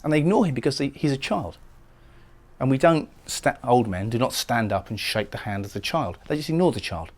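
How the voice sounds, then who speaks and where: A man's voice: medium pitch, lively intonation, a little fast. A man giving a recorded poetry lecture, explaining lines of a poem and often repeating words as he goes. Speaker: literature lecturer.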